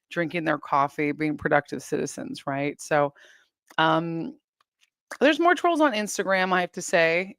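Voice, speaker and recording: A woman's voice: lowish voice, bright, forceful tone, dry recording, clean studio sound. A woman hosting a casual live stream, chatting and reading viewer comments in a rambling, giggly way.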